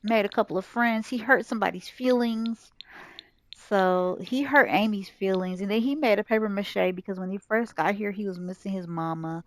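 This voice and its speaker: A woman's voice: medium pitch, moderate pace, no room sound. A woman YouTuber giving chatty, casual gameplay commentary as she retells what her characters did. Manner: chatty, retelling the game's events. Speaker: gaming YouTuber.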